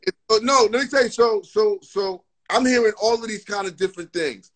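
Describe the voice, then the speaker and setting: A man guest telling a story on a livestream video call, animated and swearing, repeating phrases as he goes. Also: high voice, brisk, low-quality recording. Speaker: interview guest. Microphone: phone earbuds on a video call.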